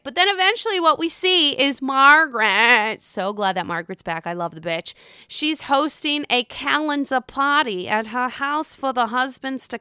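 A woman recapping reality TV in a casual, gossipy way, swearing freely and jumping into high squeals. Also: clear, resonant tone, dry recording, studio quality. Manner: gossipy, profane, animated with sudden high squeals.

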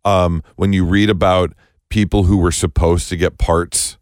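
A man's voice: low voice, level tone, measured pace, no echo, clean studio sound. A man co-hosting a podcast, sharing movie trivia in casual chat with playful disbelief. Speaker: podcast co-host.

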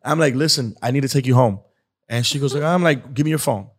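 His voice is husky, medium-pitched and fast: a skit creator guesting on an interview show, rambling through a long casual story. He fills it with filler words and animatedly acts out the quoted parts.

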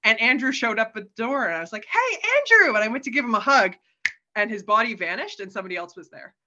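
A woman's voice: fairly high pitch, quick pace, bright, forceful tone, lo-fi sound. A woman guest telling stories in a casual, chatty way, often adding "like" and "right?" and laughing. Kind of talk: casual storytelling.

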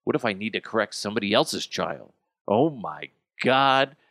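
A man in his thirties talks through a casual solo podcast monologue, joking and swearing freely. His pitch swings widely and sits on the lower side. The sound is dry and close, as if recorded in a home basement. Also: normal speed, no room sound. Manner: animated, joking and profane. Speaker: podcast host.

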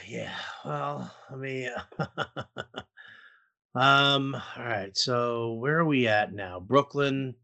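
Teasing, bright-voiced podcast co-host. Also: male voice, medium pitch, sing-song, drawn-out words, gravelly. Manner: teasing, laid-back. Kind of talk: casual podcast talk.

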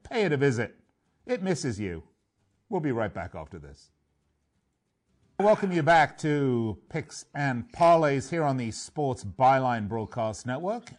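A man hosting a sports betting radio show, chatting and joking, sometimes tripping over names. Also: mid-range voice.

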